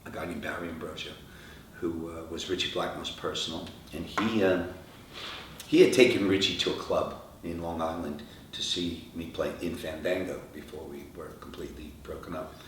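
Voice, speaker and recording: A middle-aged man, a rock singer, telling lively stories in an interview and acting out the voices of the people in them. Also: rumbling low, moderate pace. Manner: animated anecdotes, acting out quoted dialogue. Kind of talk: storytelling interview answers. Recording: echoey room, from far off, faint noise.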